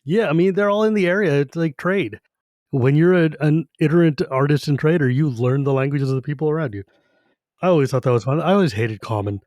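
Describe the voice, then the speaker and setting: A man's voice: a little high, a little fast, a little mellow, no room sound, studio quality. A man co-hosting a podcast in casual fan discussion, enthusiastic and rambling, swearing now and then. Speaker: podcast co-host.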